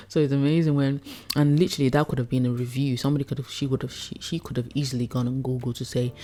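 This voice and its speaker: A woman's voice: extremely low pitch, fairly even intonation, brisk, dark tone. A woman chef coaching food business owners in a chatty, casual way, laughing often and acting out her customers. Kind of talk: casual teaching talk.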